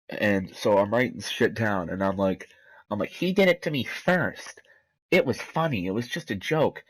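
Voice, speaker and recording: A man's voice: fairly low pitch, low-quality recording. A man telling a rambling, profane story in casual commentary over gameplay, laughing at himself as he goes.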